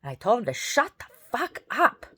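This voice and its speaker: A woman's voice: moderate pace, breathy edge. A woman who sings tells a story in a casual, exasperated rant, often mimicking other people. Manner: animated, exasperated, mimics others in high voices. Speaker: singer.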